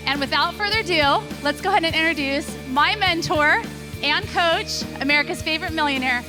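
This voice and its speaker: A woman's voice: high voice, fairly quick, music in the background. A woman from California giving an earnest, emotional testimonial as a seminar speaker on a stage.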